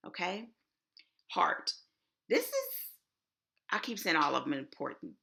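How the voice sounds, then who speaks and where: Chatty Texan woman with a gravelly edge. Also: lowish voice, huge pitch swings, a little slow, bright, forceful tone. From Houston, Texas. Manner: chatty, emphatic, folksy. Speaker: conference presenter. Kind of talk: casual conference talk.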